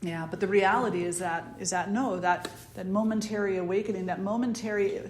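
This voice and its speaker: A woman spiritual teacher with a New Jersey accent giving a conversational, soft-spoken talk to a small circle, now and then acting out the ego in quoted asides. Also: mid-range voice, fairly even intonation, brisk. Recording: roomy echo.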